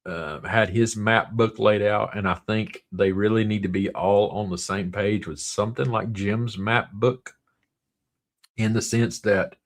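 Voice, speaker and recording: Male livestream host with a Southern drawl, gravelly tone, loose and rambling chat. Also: lowish voice, fairly even intonation, measured pace. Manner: rambling, reads viewer comments aloud.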